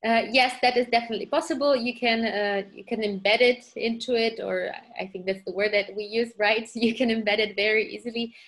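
A woman's voice: a little high, fairly even intonation, a little fast, hardly any pauses, a bit bright. A woman co-hosting a webinar, explaining things in a friendly way with some hesitations. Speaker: webinar co-host. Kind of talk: casual webinar Q&A.

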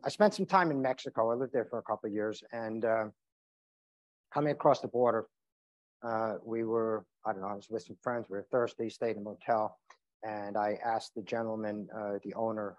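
A man's voice: on the low side, a little mellow. A man who is an emergency doctor, giving an informal health seminar with many fillers and restarts. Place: seminar room. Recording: dull lo-fi sound.

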